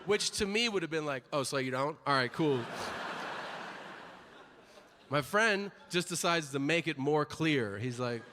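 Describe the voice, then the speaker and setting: A male stand-up comedian telling a story on stage, acting out the people in it with sudden loud outbursts. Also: a little high, expressive, normal speed. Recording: live hall with long reverb and audience noise.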